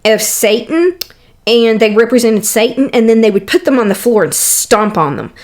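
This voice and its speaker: A woman's voice: fairly high pitch, expressive, normal speed, a little mellow. A young adult woman hosting a Christian podcast, talking earnestly and conversationally in a casual teaching monologue with fillers. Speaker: podcast host.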